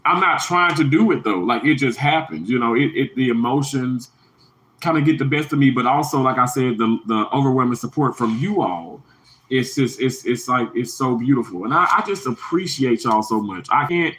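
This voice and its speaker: Here the livestream host speaks at normal speed with a fairly bright tone, though the recording is rough. His emotional address to viewers rambles and repeats, with his voice jumping high on emphatic moments.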